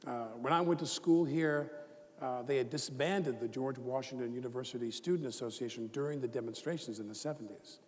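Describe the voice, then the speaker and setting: A man's voice: medium pitch, a little fast. Rambling storyteller man in a big echoing hall. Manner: animated, rambling storyteller with many fillers and restarts. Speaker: guest author. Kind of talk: live onstage conversation, storytelling. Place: large event hall with a live audience. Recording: long reverb of a large hall, faint noise.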